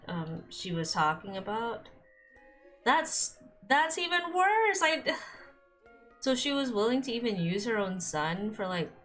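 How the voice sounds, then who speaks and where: A woman's voice: fairly low pitch, fairly bright tone. A young woman streamer chatting casually and emotionally as she wraps up a game episode, rambling with lots of "like" and little laughs. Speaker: let's-play streamer.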